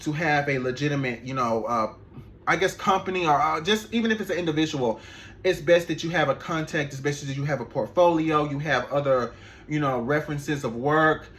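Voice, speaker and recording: A man, an animator, telling a story in a casual, animated vlog, laughing and swearing as he goes. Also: fairly high pitch, a little fast.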